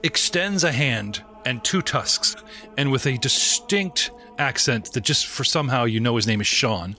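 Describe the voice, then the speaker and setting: Bright-voiced, joking game master. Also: male voice, medium pitch, measured pace, faint music behind. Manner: animated, joking, often laughing. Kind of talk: narrating a tabletop game.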